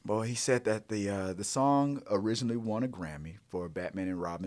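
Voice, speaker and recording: A man hosting a movie talk show, chatting casually and swinging from hushed asides to loud exclamations, often restarting his sentences. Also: on the low side, brisk, hardly any pauses, no room sound, clean studio sound. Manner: frequent restarts and repeated words.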